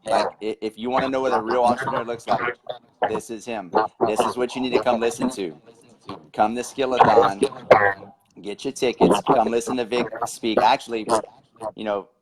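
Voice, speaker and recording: A man's voice: mid-range voice, fairly even intonation, normal speed, over a noisy crowd, low-quality recording. A man hosting a conversation, emphatically urging listeners to come to his event. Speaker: host, event organizer. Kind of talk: promotional conversation.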